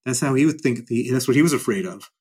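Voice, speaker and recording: A male interview guest explains his views at length, driving points home by repeating them. His voice sits at an ordinary middle pitch for a man. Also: fast talker, a little mellow, breathy edge. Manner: emphatic and repetitive.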